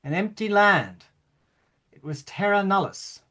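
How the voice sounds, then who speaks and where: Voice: medium pitch, expressive, a little slow, pushed and bright. A performer reading the part of a bewildered, indignant king in a play rehearsal, stammering now and then. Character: bewildered, pompous king of Australia. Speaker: actor in rehearsal.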